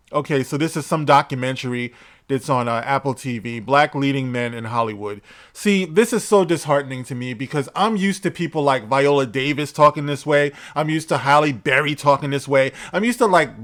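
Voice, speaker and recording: A man's voice: on the high side, a bit bright. A man hosting an opinionated commentary video, reading from a news article and answering it in a sarcastic, emphatic way with blunt profanity. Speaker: commentary channel host.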